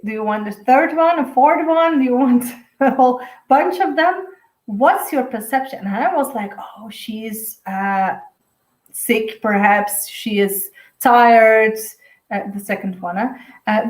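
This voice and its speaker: A woman's voice: a little high, echoey room, rough recording. A woman, a native Dutch speaker, giving a rambling, chatty spiritual guidance talk as an intuitive reader, laughing often.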